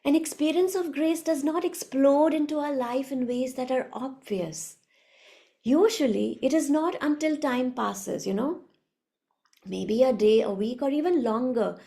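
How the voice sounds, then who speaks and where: A woman giving a reflective spiritual talk as a teacher, soft-spoken and unhurried. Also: sits high, creaky.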